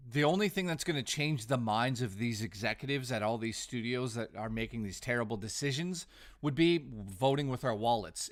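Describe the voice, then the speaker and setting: Man, live streamer, casual chat, very lively swooping pitch, animated and ranting. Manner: animated, ranting, bursts of laughter. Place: home living room.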